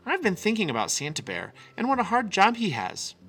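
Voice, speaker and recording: A man's voice: high voice, wildly swooping pitch, fairly quick, a bit bright, slightly rough, voice pushed up, heavily acted. A man voicing an eager little girl bear cub in a storybook reading. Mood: wondering. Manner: eager, pleading.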